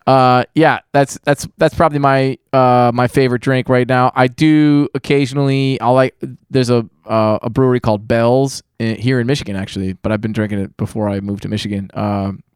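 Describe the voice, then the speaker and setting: American guy in his 30s hosting, smooth clear voice, dry sound, rambles and laughs a lot. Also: medium pitch, fairly even intonation, no room sound. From United States. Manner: chatty, rambling, quick to laugh. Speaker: podcast host. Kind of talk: casual chat.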